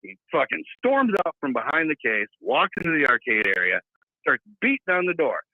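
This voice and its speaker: A man telling a wild story in a casual, profane, animated way over a remote call. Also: fairly high pitch, a little fast, no room sound. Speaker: guest. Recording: tinny phone-like line, dry.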